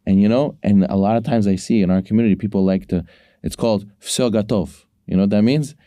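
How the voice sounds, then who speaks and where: Male co-host, low and smooth, lecturing in a storytelling way. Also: fast, dark tone, no echo, clean studio sound. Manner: preachy, storytelling, acts out quotes. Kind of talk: casual sports talk, giving a short Torah lesson.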